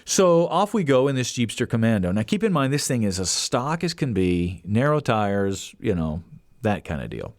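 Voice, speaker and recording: A man hosting a podcast, telling a casual story in an animated way and acting out the voices he quotes. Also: lowish voice, normal speed, no room sound, studio quality. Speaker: podcast host.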